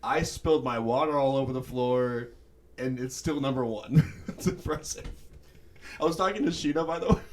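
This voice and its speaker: A young man co-hosting a podcast in casual chat, animated and often breaking into laughter. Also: medium pitch, moderate pace. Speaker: podcast co-host.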